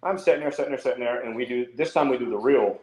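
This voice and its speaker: A middle-aged man telling stories on a podcast in a loose, swearing way, acting out what others said. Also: racing. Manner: animated, swears freely, acts out quotes in a higher voice. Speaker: podcast guest. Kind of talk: casual storytelling. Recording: roomy echo.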